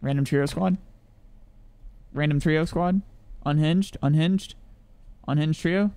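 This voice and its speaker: A man's voice: fairly high pitch, slow, a little mellow, clean tone. A man streaming a shooter game live, chatting loosely with his viewers and swearing freely as he plays. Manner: loose, chatty and profane, talking to chat. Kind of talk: casual live gameplay commentary.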